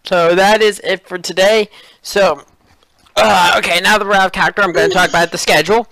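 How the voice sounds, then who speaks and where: A man's voice: high-pitched, fairly even intonation, fairly quick, gravelly, bright, forceful tone, dry recording. A man playing in a tabletop game, chatting casually and then announcing the schedule. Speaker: player and stream organizer. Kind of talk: casual tabletop role-play chat.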